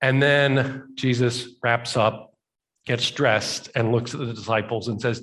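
Man, pastor, sermon, conversational storytelling, deliberate pauses for emphasis. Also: mid-range voice, steady tone, fairly bright tone.

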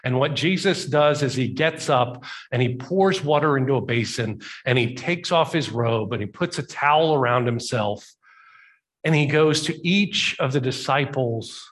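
A man preaching a sermon as a pastor, telling the story conversationally and slowing down for emphasis. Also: medium pitch.

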